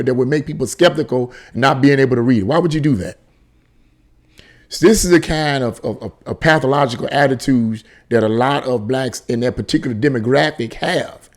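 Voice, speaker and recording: A commentary channel host with a medium-pitched, slightly mellow voice reads a news article aloud. He keeps breaking off into indignant commentary, exclaiming and laughing in disbelief.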